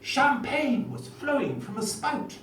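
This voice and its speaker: Man doing a smug Etonian-accented toff politician reciting verse, raised lively pitch, far off in an echoey noisy hall. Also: takes it slowly, full character voice. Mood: gleeful. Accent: upper-class English (Etonian). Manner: rhyming verse recital, plummy and boastful. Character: pompous posh male prime minister, boastful rake.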